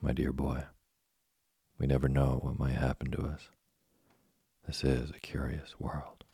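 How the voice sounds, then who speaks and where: A man voicing a patient, kind old woodcarver father in a storybook reading, gentle, calm and moralizing. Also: very deep voice, measured pace, no echo, full character voice. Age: older. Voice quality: gravelly, husky.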